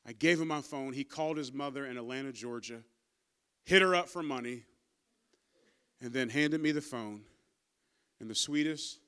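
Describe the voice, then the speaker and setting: A man's voice: mid-range voice, moderate pace, pauses often, sharp tone, clean tone. A man pastor preaching a sermon, emphatic and calling out to his congregation, and stumbling over his words when emotional. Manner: stammers and repeats when emotional.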